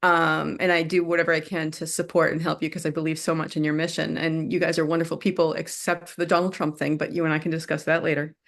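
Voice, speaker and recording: A woman's voice: sits low, flat delivery, fast, gravelly, hardly any pauses. A woman talking casually on a video call, effusive in her praise. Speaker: community member.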